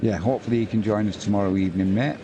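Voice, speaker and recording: A man's voice: on the low side, steady tone, rapid-fire, highs cut off, noisy background. A man hosting a live football watch-along, commentating and chatting casually with viewers. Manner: chatty, talks to viewers and reads out chat messages.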